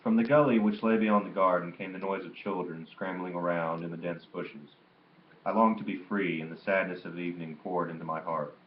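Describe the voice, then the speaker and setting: Deep-voiced male reader, steady and plain, small slips; roomy, muffled home recording with faint hiss. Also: a little fast. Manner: steady, plain reading with occasional slips and restarts. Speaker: audiobook reader. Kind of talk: reading a memoir aloud.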